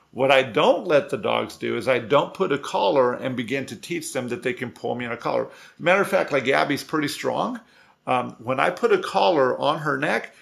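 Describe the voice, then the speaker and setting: A man with a gravelly, mid-pitched voice explains dog training in an easygoing way. His talk is loose and conversational, full of restarts and asides. He sounds like a trainer coaching owners. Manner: relaxed, conversational, many restarts. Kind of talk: casual instructional talk.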